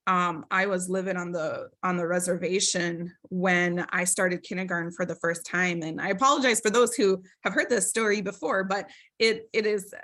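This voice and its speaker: This webinar presenter from Minnesota has a somewhat low yet bright voice, picked up by a video call mic. She tells a personal story in a sincere, thoughtful way, full of fillers and tag questions.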